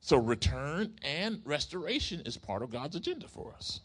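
A man preaching a sermon, telling a story in an animated way and asking his congregation questions. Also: a little high, moderate pace, husky. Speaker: pastor.

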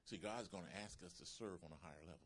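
A man preaching a sermon as pastor, emphatic and calling out to his congregation, building to shouts. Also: low voice, fast talker. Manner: calls to the congregation.

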